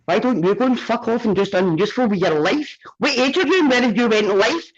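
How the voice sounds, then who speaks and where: A woman's voice: on the high side, expressive, fast talker, slightly rough. A Scottish woman taunting and mocking someone in a sweary livestream argument. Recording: dull lo-fi stream audio.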